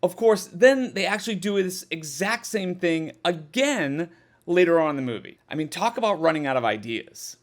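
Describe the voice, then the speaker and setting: A man reviewing a horror movie in a casual, exasperated way, with a slightly high voice. His pitch swings widely as he mocks the film, and he swears freely. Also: lively intonation, moderate pace.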